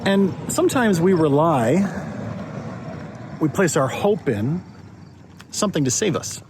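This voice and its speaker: A man's voice: fairly high pitch, animated, measured pace, darkish tone, slight background noise. Conversational male pastor giving a devotional. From United States. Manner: conversational, restarts and repeats words. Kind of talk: devotional talk.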